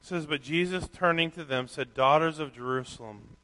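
A man preaching a sermon, reading scripture aloud and swinging from quiet reflection to loud, animated emphasis. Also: on the high side, brisk, hardly any pauses. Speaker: pastor. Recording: long hall reverb.

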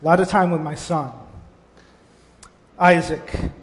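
Middle-aged male pastor, sermon delivery, higher-pitched, animated with frequent restarts, long hall reverb. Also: slow pace. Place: church sanctuary.

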